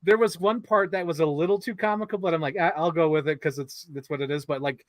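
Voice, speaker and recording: A man with a slightly high voice chats about films on a podcast, animated and quick to laugh, and he slips into little impressions of movie lines. The sound is close and dry, with no room around it. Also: no room sound. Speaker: podcast co-host. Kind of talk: casual film discussion.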